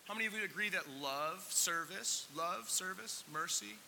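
Bright-voiced pastor in a reverberant hall. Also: male voice, sits high, normal speed, gravelly. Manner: conversational, asks the congregation questions; emotional, close to tears. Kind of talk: sermon. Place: church sanctuary. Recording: long hall reverb with faint hiss.

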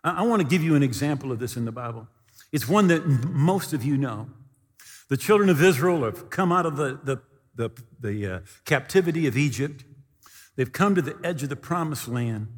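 Male pastor, sermon, lively storytelling with a raised voice, lightly high, long hall reverb. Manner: animated storytelling, shouting quoted lines.

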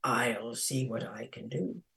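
A woman voicing the South Wind, a gentle and kindly male wind spirit, soft-spoken in a story reading. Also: rumbling low, slow pace, vocal fry, distant mic, pitched below the performer's own voice, full character voice.

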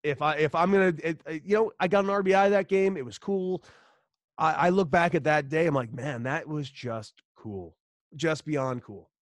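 A man's voice: fairly high pitch, normal speed, no echo, clean studio sound. A man from Los Angeles, a former baseball player, telling a story in a casual interview, acting out the dialogue and swearing freely. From Los Angeles, United States.

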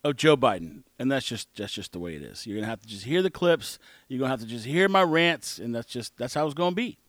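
A man's voice: medium pitch, big pitch swings, quick pace, fairly bright tone, no echo. A man hosting his own show, rambling through an opinionated casual monologue. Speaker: podcast host.

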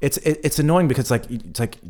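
A man's voice: medium pitch, a little fast, darkish tone. A man co-hosting a casual podcast, chatting and acting out quoted exchanges as he tells stories. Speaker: podcast co-host. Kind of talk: casual chat.

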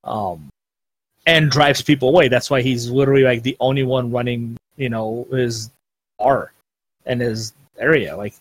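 A man's voice: medium pitch, moderate pace, slightly rough, no room sound. A man chatting casually on a podcast, rambling with lots of fillers and restarts. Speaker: podcast co-host. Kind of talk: casual chat.

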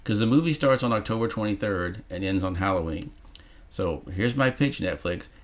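A man with a fairly low, animated voice co-hosts a podcast at a moderate pace. He chats casually about a movie, sarcastic throughout and swearing freely.

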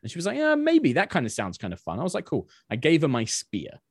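Guest on a podcast, rapid lively storyteller, dead dry mic. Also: male voice, mid-range voice, husky, no echo. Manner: animated storytelling, acting out quotes. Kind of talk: casual chat.

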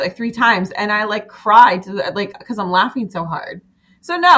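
A woman in a casual group chat, talking in an animated, chatty way and swearing offhandedly. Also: lowish voice.

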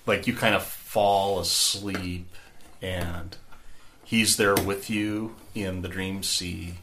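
A man's voice: low voice, fairly even intonation, slow pace, sharp tone, slight background noise. A man narrating a tabletop game as game master, rambling and conversational, with many fillers.

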